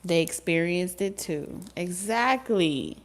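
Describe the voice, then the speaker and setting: Lady doing a tarot reading, kinda low voice, jokey and animated, laughs a lot, swears casually. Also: slow pace, faint music behind. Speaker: tarot reader.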